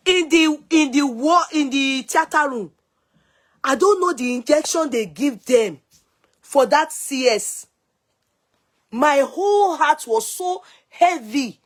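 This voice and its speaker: A woman's voice: sits high, takes it slowly, long pauses. A woman in her thirties with a Nigerian accent, casually and dramatically telling her own story to the camera. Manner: dramatic, expressive retelling.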